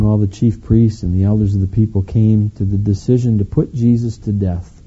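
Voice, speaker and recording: Dark-voiced Wisconsin man preaching. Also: fairly low pitch, level tone, moderate pace, breathy edge, highs cut off. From Wisconsin, United States. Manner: earnest storytelling, voicing quoted lines. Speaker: pastor. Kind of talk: sermon.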